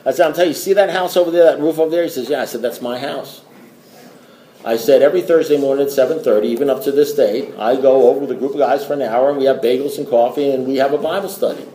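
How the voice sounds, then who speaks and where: A man's voice: medium pitch, mellow, reverberant, a little hiss or hum. A middle-aged man speaking to a recovery meeting, telling a story in a rambling way with restarts and wry asides. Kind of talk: storytelling talk to a group.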